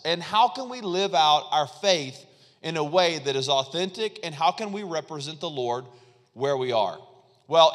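A man's voice: a little high, fairly bright tone, big-room sound. A man pastor preaching a sermon in a church, conversational and repetitive, calling on the congregation to respond.

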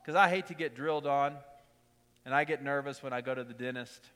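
A middle-aged man preaching a sermon in a conversational way, repeating key lines and telling quick personal stories. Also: medium pitch, a bit bright, clean tone, in a large hall. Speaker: pastor.

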